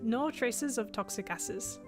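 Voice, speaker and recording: A woman voicing a calm, precise female robot science officer, with an attempted Scottish accent and clipped, factual reports. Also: on the high side, slow pace. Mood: analytical. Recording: music playing underneath.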